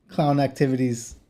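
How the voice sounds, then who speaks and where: A male streamer reacts to clips in an easygoing, chatty way. His voice rises and falls expressively, and he breaks into laughter often. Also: on the high side. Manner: laid-back, chuckling asides to chat. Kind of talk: casual live-stream chat.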